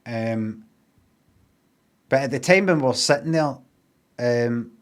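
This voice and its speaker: A man's voice: mid-range voice, slow. A Glaswegian man casually telling a rambling, sweary story, acting out what people said in changed voices. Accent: Glaswegian Scottish. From Scotland.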